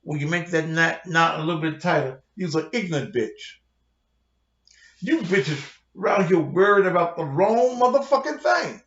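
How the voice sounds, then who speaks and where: At normal speed and with a fairly high, slightly bright voice, a male pastor rants at his online audience on a livestream, heated, confrontational, and profane. The audio is roomy, dull, and lo-fi.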